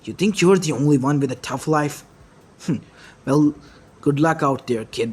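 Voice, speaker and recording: A man voicing a determined teenage boy ninja who scolds others with forceful conviction, in a fan-made story. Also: medium pitch, slightly rough.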